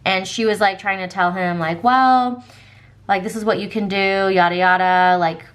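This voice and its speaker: A woman's voice: medium pitch, fairly even intonation, moderate pace, fairly bright tone, smooth. A woman vlogger with a Southern American accent, telling a long story in casual, chatty talk full of fillers, acting out what others said. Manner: chatty, many fillers, quotes others in dialogue. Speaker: planner vlogger. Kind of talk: casual storytelling while planning.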